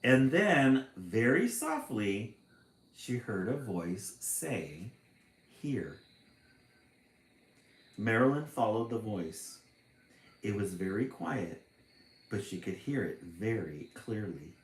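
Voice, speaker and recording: A man reading a children's picture book aloud, expressive, with chatty asides between passages. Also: on the low side, takes it slowly, roomy sound, rough recording. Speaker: storytime reader.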